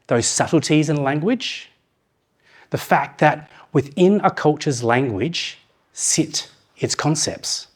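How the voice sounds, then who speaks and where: A middle-aged man giving a conference talk, asking the audience questions and slowing down to read proverbs aloud. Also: mid-range voice, breathy edge. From New Zealand. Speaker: conference speaker.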